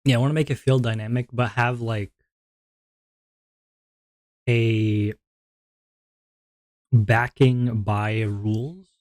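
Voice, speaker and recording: A man streaming from home, thinking out loud in a rambling way with many fillers and restarts, and a little out of breath. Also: mid-range voice, steady tone, slow pace, pauses often, dry recording, clean studio sound. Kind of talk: casual stream chat.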